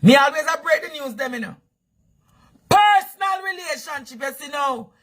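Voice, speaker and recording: A Jamaican man hosting news commentary, shouting and repeating phrases for emphasis in a fiery rant. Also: extremely high pitch, animated, moderate pace.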